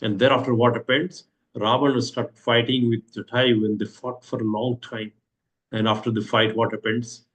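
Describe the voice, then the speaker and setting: A man's voice: medium pitch, level tone, normal speed, a bit bright. An Indian-accented man teaching a scripture class, retelling the story and asking "what happens" again and again with frequent hesitant fillers. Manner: repeats rhetorical questions, hesitant fillers.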